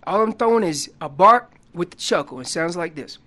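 A man on a radio show explaining elk calls in a folksy, animated way, acting out what the animals are saying. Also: high-pitched, moderate pace. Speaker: elk calling guest expert. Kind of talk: casual radio interview explanation. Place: radio studio.

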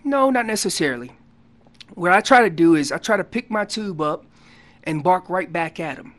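A man guest on a radio show explaining hunting calls in a casual, animated way, acting out what the animals are saying. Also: high voice, moderate pace. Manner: loose casual grammar. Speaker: elk calling champion guest. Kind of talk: instructional radio interview.

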